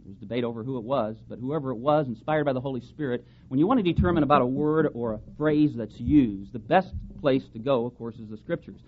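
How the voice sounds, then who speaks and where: A man's voice: mid-range voice, a little fast, few pauses. A man preaching a sermon, reading scripture aloud and pressing his points with strong rises in emphasis. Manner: emphatic, rising and falling for stress, reads scripture aloud. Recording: dull lo-fi sound with faint background hiss.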